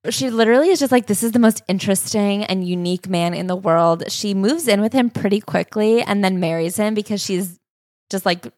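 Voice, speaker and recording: A woman co-hosting a casual chat, retelling a memoir with wry, deadpan asides. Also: mid-range voice, brisk, no room sound, clean studio sound. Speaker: podcast co-host.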